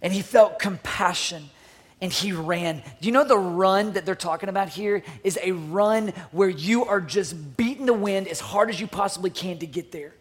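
A man preaching a sermon, swinging between loud urging and hushed near-whispers, often repeating words as he restarts phrases. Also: high-pitched, moderate pace, few pauses. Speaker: pastor.

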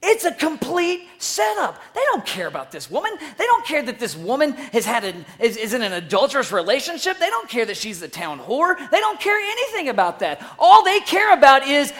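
A preacher telling a story in an energetic sermon, swinging between loud bursts and hushed asides and asking the listeners questions. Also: sits high, fairly quick, hardly any pauses.

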